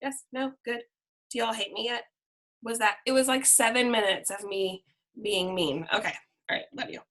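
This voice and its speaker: A woman's voice: a little high, moderate pace, fairly bright tone. A woman leading a team video call, talking in a frank, playful, chatty way. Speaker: team leader. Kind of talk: casual video call talk.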